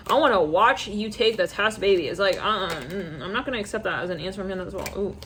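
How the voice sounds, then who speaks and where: A woman giving a casual, rambling psychic tarot reading to her viewers, slipping into quick quoted asides. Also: mid-range voice, fairly bright tone, slight background noise. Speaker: tarot reader.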